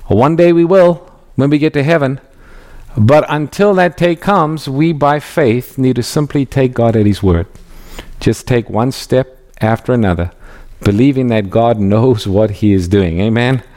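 A man's voice: medium pitch, darkish tone. Man teaching scripture emphatically. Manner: measured, emphatic, reads scripture aloud. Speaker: Bible teacher. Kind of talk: expository Bible teaching.

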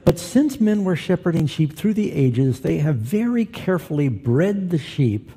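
A man's voice: a little high, very animated, normal speed, mellow, breathy edge. A middle-aged man preaching a sermon as pastor, telling stories with humor and putting questions to his congregation. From Southern California.

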